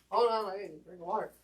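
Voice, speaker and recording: Demonstrating a wreath live, this class host talks straight to her viewers in a chatty, self-deprecating way. Her mid-range voice moves fairly quickly, and the recording is very noisy.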